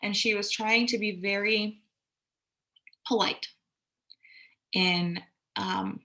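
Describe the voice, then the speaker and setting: Taking it slowly with a steady, sharp tone, a young adult woman offers a reflective self-care talk in a medium-pitched voice. She's an astrology and self-care podcaster who stays candid and conversational, swears occasionally, and voices the people she quotes.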